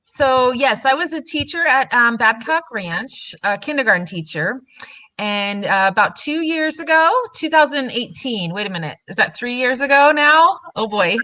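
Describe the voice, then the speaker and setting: A middle-aged woman guest telling her personal story on a radio show, earnest and halting, with many fillers. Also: on the high side, expressive, sharp tone, no room sound, low-quality recording. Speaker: guest, grief support coordinator. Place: radio studio.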